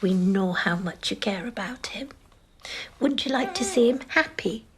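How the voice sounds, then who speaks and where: An actress playing a gentle social worker in a TV drama, speaking in a soft, hushed, persuasive way. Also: female voice, medium pitch, lively intonation, normal speed, slightly rough.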